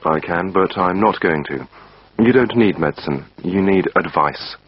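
A man voicing a calm male doctor who gives advice in a steady, reassuring way, reading a textbook dialogue. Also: low voice, measured pace, breathy edge, no room sound. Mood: advising. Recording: dull lo-fi recording.

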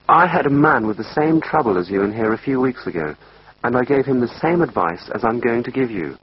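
A man voicing a calm male doctor who gives advice in a steady, reassuring way, reading a textbook dialogue. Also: mid-range voice, breathy edge, voice pushed up. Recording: dull lo-fi recording.

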